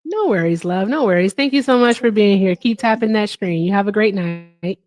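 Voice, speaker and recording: A woman's voice: mid-range voice, moderate pace, a little mellow. Chatty upbeat woman livestream host. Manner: chatty and upbeat, says "all right" often, swears casually. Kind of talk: casual livestream chat.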